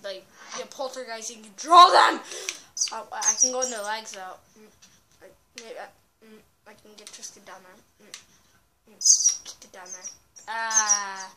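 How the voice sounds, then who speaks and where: A woman giving casual gameplay commentary, excitable and often bursting into yells. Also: medium pitch, very noisy.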